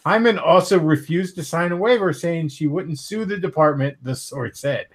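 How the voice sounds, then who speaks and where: A man's voice: a little high, normal speed. An American man hosting a livestream, reading news stories aloud and joking in casual chat. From United States. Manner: joking, laughs often. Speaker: livestream host.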